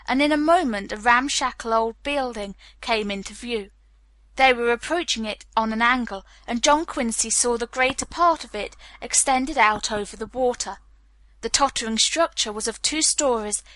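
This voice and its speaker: A woman narrating an audiobook in a steady, clear storytelling manner. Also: on the high side, dry recording. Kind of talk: scripted narration.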